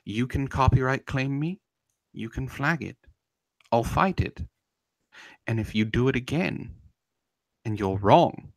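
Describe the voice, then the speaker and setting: A man's voice: mid-range voice, unhurried, pauses often, darkish tone, no echo. Heated, taunting male streamer. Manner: confrontational, taunting, getting heated. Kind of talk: heated live-stream rant and chat replies.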